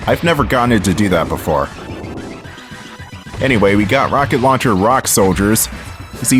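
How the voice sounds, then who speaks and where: A man giving casual, sarcastic gameplay commentary, often laughing at his own jokes. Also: mid-range voice. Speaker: let's play commentator.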